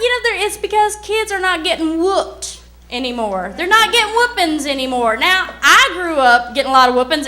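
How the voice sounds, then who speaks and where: A woman's voice: very high voice, sharp tone. A woman comedian doing a stand-up set in a drawling, folksy way on a club stage.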